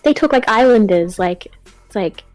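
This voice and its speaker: A woman's voice: mid-range voice, expressive, moderate pace, music in the background. Giggly Australian woman. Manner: giggly, hesitant.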